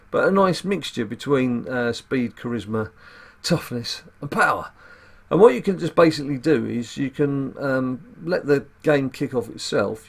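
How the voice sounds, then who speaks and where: A man with a gravelly voice giving casual, wry commentary as he plays a card game and explains tactics. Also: mid-range voice. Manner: chatty and wry, muttering asides to himself. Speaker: gaming channel host.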